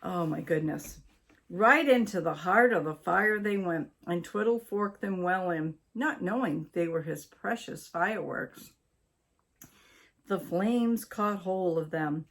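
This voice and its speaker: Older woman storyteller, unhurried read-aloud, slightly low voice. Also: fairly bright tone. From Maine, USA. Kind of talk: reading a children's story aloud.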